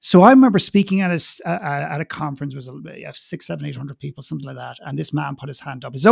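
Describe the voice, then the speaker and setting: A man who is a guest speaker and coach, telling a story in conversation in an animated way and repeating words when wound up. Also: a little high, fast talker, creaky, few pauses, slightly rough, no echo, studio quality.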